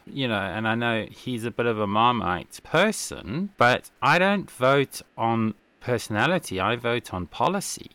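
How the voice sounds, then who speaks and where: A man's voice: on the low side, fairly bright tone, no echo. A man hosting a podcast, giving opinionated, casual political commentary and laughing often. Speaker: podcast host.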